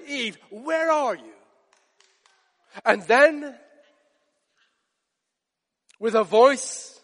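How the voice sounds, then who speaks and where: High-voiced preacher in a reverberant hall. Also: male voice. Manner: dramatic, acts out quoted lines with hushed slow emphasis. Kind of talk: sermon.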